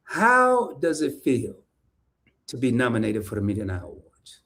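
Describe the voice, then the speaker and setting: A man hosting a casual livestream interview, chatty and animated, laughing often as he reads comments. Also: medium pitch, measured pace. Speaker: podcast host. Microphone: streaming setup, remote call.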